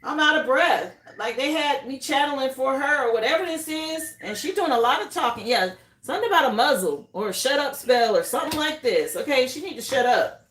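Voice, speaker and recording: High-voiced woman reading tarot live. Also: animated, brisk, a bit bright, reverberant. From grew up in Miami. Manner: casual, says "okay?" often, drawling. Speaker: tarot reader.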